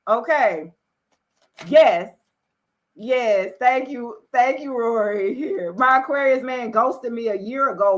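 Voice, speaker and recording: A woman hosting a casual live tarot reading, greeting viewers by name and swinging between loud exclamations and low asides. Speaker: tarot reader hosting a livestream.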